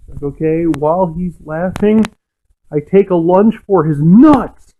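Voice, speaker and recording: A man casually retelling a tabletop adventure, laughing often and cursing freely. His voice sits a little high, and he talks slowly, with plenty of fillers. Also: animated, slight background noise. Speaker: tabletop game player. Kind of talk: casual storytelling.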